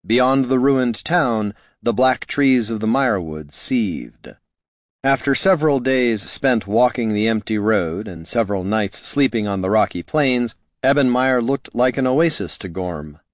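A man narrating a fantasy novel in a steady, measured way. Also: medium pitch, no room sound, clean studio sound. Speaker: audiobook narrator.

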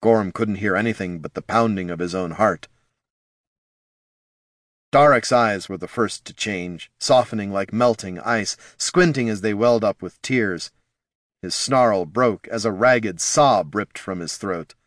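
A man narrating a fantasy audiobook in a measured, dramatic manner. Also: on the low side, a bit bright, no echo, studio quality.

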